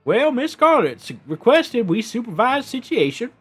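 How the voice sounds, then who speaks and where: A man's voice: very high-pitched, big pitch swings, normal speed, fairly bright tone, slightly rough, faint music behind, pitched above the performer's own voice, full character voice. A man voicing a company guard who talks in a falsely polite, placating way.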